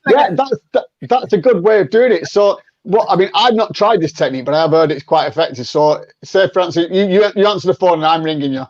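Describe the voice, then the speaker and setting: A man's voice: high voice, lively intonation, fairly quick, few pauses, no room sound, highs cut off. A man, a sales coach talking as a podcast guest in a chatty way, often repeating words as he restarts and acting out sample phone calls. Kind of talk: conversational interview.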